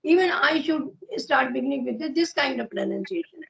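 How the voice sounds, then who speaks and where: A high-voiced woman with an Indian accent talks in a friendly, agreeable way and often says "you know". Her voice comes through dull and lo-fi. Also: animated, normal speed, vocal fry, a bit bright. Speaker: guest speaker. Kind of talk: casual conversation practice. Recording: muffled lo-fi audio.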